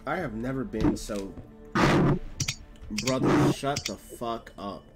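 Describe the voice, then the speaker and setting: A young man talking casually while livestreaming a game, loud and exaggerated, full of slang and mock complaints. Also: medium pitch, takes it slowly, loud music behind the voice. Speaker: game streamer. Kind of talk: casual gameplay livestream talk.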